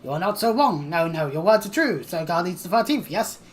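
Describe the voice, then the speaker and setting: A woman's voice: on the low side, expressive, a little fast, faint music behind, close to an everyday voice. A woman voicing a whiny, cowering male kobold underling who wails and repeats his words in anxious triplets. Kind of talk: reading game dialogue aloud.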